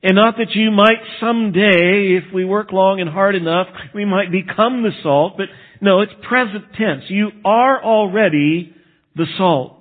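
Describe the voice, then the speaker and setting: Pastor preaching over a narrow line. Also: male voice, high-pitched. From Texas. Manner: conversational preaching, slows for emphasis. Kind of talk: sermon. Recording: phone-like narrow band.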